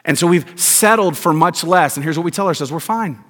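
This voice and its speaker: A man preaching a sermon as pastor, emphatic, with rhetorical questions and deliberate stresses. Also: a little high, a bit bright. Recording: long hall reverb.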